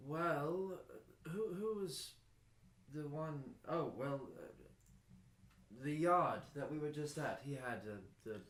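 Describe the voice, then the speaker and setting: A man at a tabletop game talks casually, often hesitating and trailing off mid-thought. His voice sits fairly high, and the room gives it a noticeable echo. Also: slow, a bit bright. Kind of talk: casual role-play chat. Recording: roomy echo.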